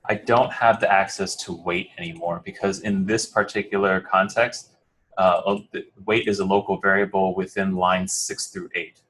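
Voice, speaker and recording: A man's voice: deep voice, fairly even intonation, moderate pace, a bit bright, husky. A man from New Jersey with an American accent, teaching a coding class in a casual, rambling way, full of fillers and restarts, questions to the students. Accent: American English. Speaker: coding bootcamp instructor. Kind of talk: classroom lecture.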